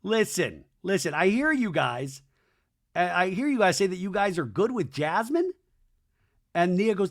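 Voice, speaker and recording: A man hosting a comedic podcast, recapping a reality show and acting out the cast's lines with big jumps in pitch and loudness. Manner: acts out quotes with big swings in pitch and loudness; excitable, quick asides and restarts. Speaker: podcast host.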